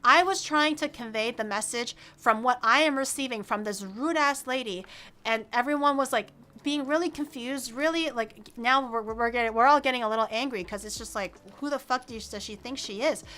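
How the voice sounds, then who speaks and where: A young woman streamer telling a story in an animated, casual way, full of "like" fillers and acting out the people in it. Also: on the high side. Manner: frequent "like" fillers.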